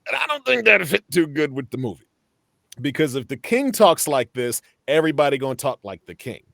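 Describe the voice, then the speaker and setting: A man's voice: fairly high pitch, big pitch swings, gravelly, fairly bright tone, dry recording. Opinionated male podcast co-host, dry sound. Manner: opinionated, halting with restarts, slangy. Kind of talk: casual podcast discussion.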